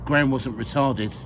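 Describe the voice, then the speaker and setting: A man's voice: mid-range voice, a bit bright, slight background noise. A man reading his own memoir aloud, hesitant with fillers and a dry sense of humour.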